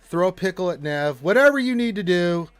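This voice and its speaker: A man's voice: high voice, expressive, a little fast, smooth, dry recording. An American man hosting a gaming live stream, chatting casually, joking, and reading viewer names aloud. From United States. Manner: joking, reads out chat names with playful put-on voices.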